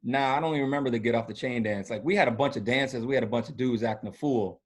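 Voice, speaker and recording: A man's voice: medium pitch, fast talker. Man telling loose, slangy stories. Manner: loose, slangy storytelling with many fillers. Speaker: podcast guest, former college football punter. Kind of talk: casual chat.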